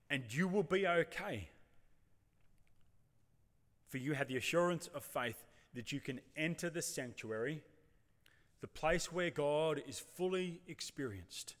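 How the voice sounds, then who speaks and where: A man's voice: fairly high pitch, unhurried, long pauses. A man preaching a sermon, reflective and rhetorical, speaking in a church. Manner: reflective, rhetorical, acts out voices of the congregation. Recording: long reverb of a church hall.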